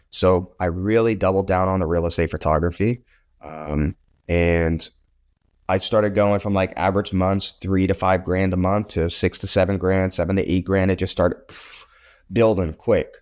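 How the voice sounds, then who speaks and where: A man in his thirties, a guest on an interview show, telling his story in a blunt, animated way and swearing now and then. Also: sits low, moderate pace. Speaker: podcast guest, real estate photographer.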